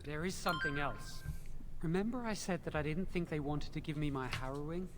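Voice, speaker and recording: An actor playing a young male apprentice mage in a video game, speaking in a hushed, urgent way. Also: on the high side, brisk, background noise, natural voice. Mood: worried.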